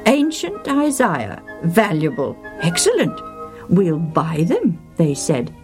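A woman's voice: on the low side, wildly swooping pitch, takes it slowly, faint music behind, exaggerated voice. A woman reading aloud, voicing an indignant elderly male bishop who exclaims and questions in disbelief.

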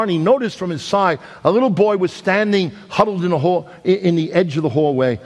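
A middle-aged man preaching a sermon, telling a story with dramatic swings between loud emphasis and hushed, slow lines. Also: fairly high pitch. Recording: long hall reverb.

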